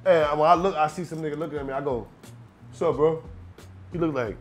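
A man, a rapper and guest, telling a story in a casual, profane, animated way and acting out the scenes. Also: on the high side, very fast, soft background music.

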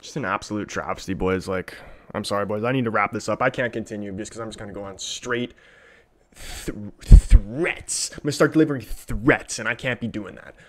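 A man's voice: fairly low pitch, brisk, noisy background. A man reacting live to a football match as a fan, ranting emotionally straight to his viewers.

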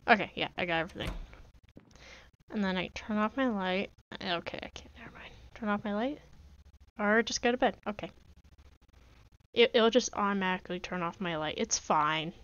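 A woman who makes gaming videos chats casually through a let's-play, joking, pleading playfully, and talking to herself as she goes. Her medium-pitched voice is fairly bright, moving at a moderate pace with frequent pauses. The recording has its high frequencies cut off.

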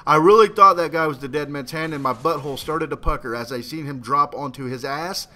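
Young man, casual gameplay commentary, high voice, bright tone, rambling and excitable, swears a lot. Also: a little fast. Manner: rambling, excitable, swears freely, bursts into shouting.

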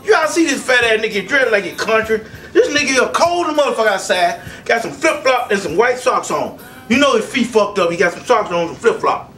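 High-pitched, shouting stand-up comic. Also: male voice, a little fast. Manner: loud, profane, animated, often shouting. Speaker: stand-up comedian. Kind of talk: stand-up comedy storytelling. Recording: distant mic, faint music behind.

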